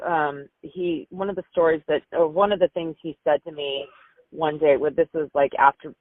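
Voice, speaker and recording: A woman's voice: low voice, steady tone, no echo. Emotional mother on a tinny phone line. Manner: emotional, halting, repeats herself. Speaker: grieving mother. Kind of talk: phone interview storytelling.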